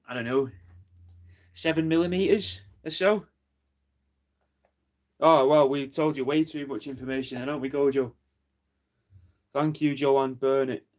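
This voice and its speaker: A man's voice: mid-range voice, darkish tone. A man in casual livestream chat, rambling, joking and swearing while he lists crafts for sale.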